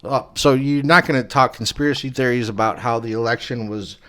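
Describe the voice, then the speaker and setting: A man hosting a comedy talk show, halting and full of ums and uhs. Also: mid-range voice, pushed and bright. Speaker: host.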